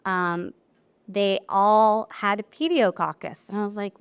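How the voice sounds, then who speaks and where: A woman presenting a live technical seminar to an audience. She talks in a chatty, lively way and acts out quotes from her clients. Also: medium pitch, unhurried, clear, resonant tone. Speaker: wine lab specialist presenting a seminar.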